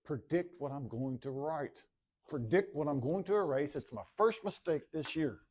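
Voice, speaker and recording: A man's voice: fairly high pitch, animated, normal speed, darkish tone. A man teaching a math class in a classroom, casual and joking, often repeating himself.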